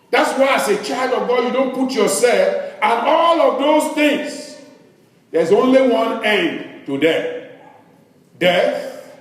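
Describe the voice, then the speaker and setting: A male pastor preaching a sermon, asking the congregation questions as he reads scripture. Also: very high-pitched. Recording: echoey hall, distant mic.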